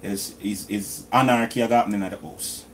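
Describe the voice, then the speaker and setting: A man's voice: fairly low pitch, fairly even intonation, normal speed, fairly bright tone, a little hiss or hum. Chatty Jamaican man cooking at home. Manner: chatty, drops into patois phrasing. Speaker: cooking vlogger. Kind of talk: casual cooking vlog talk. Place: home kitchen.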